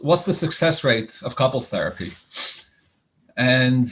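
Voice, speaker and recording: A man's voice: medium pitch, a bit bright. A man who is a couples therapist, giving a conversational lecture on marriage and often restarting and repeating words. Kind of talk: lecture presentation. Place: lecture hall.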